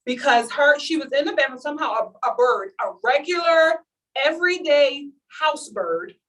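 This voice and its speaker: A woman telling a story to a live audience in an animated, comic way, acting out what each person said. Her voice sits a bit high. She is picked up by a mic some way off at the event. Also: moderate pace, recorded from a distance, low-quality recording. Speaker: speaker at a launch event.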